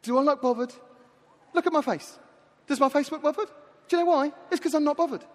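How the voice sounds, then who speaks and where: A man puts on a sassy female pig with a high, raised voice and a dismissive, mocking manner. She fires off cheeky retorts and refuses to take any request seriously. The voice rings out in an echoey large hall. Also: quick pace.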